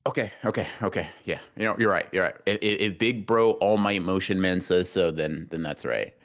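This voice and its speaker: A young man co-hosting a casual podcast livestream, teasing his friend and reading super chats, with sudden high-pitched bursts. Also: fairly quick. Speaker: podcast co-host.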